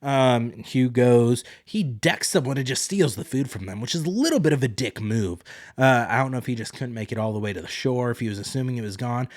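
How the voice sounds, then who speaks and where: A man's voice: mid-range voice, expressive, fairly quick, no echo, studio quality. A young man hosting a podcast alone, chatting through a recap in a rambling way and acting out quotes. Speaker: podcast host. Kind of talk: solo casual recap.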